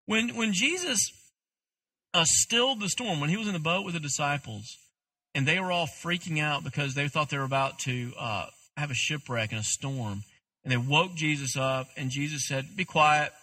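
A man preaching a sermon with a high, piercingly bright voice that carries a husky edge. He talks candidly and conversationally, mixing self-deprecating asides into his teaching. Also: lively intonation, moderate pace. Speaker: pastor.

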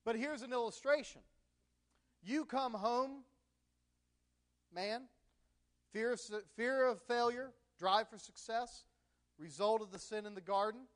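High-voiced man preaching a conversational sermon. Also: takes it slowly, long pauses, a bit bright. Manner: conversational, illustrating with personal stories. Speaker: pastor.

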